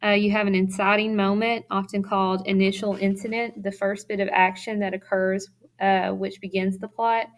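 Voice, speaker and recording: A woman teacher talks through a prepared lesson, reading her notes in a steady, even way. Now and then she drops in a small filler before carrying on. It sounds like a recorded classroom lecture. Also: mid-range voice, moderate pace. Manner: reads notes aloud steadily, with occasional fillers.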